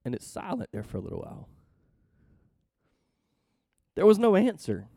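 A high male voice with big pitch swings and a dark tone, at normal speed and with no room sound. He gives conversational Bible teaching, reading scripture aloud and then explaining it emphatically while asking his listeners questions and checking in with them.

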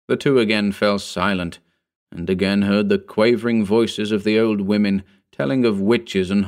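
A man reading an old story aloud in a measured, formal narration. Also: sits low. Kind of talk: scripted narration.

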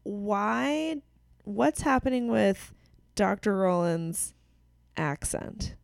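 A woman's voice: medium pitch, expressive, drawn-out words, vocal fry, no echo, studio quality. A woman co-hosting a podcast, chatting casually and rambling through questions with lots of fillers. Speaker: podcast co-host. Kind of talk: casual chat.

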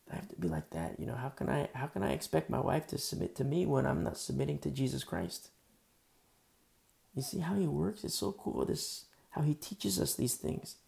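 Gravelly man preaching casually. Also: mid-range voice, mellow. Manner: casual, filler-heavy, earnest. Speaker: pastor. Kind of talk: conversational sermon.

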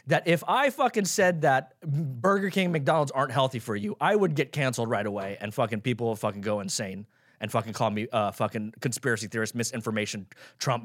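A man's voice: mid-range voice, dry recording. A young man hosts his own podcast, talking in a casual, sarcastic and profane way. His voice sits in an ordinary middle range. It is recorded close and dry, with hardly any room sound. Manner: profane, sarcastic, jumps between loud mock outrage and mumbling asides. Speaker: podcast host. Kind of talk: casual solo podcast rant.

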